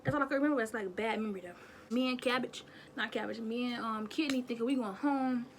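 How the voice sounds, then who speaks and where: A young woman vlogger telling a childhood story in a chatty, animated way, talking straight to her viewers. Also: fairly high pitch, fast talker, a little hiss or hum. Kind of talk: casual storytime.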